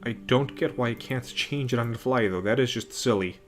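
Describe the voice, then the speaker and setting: A man's voice: mid-range voice, normal speed, faint music behind. A man hosting a casual live stream at home, muttering to himself as he works and tossing off dry, sarcastic asides. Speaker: livestream host.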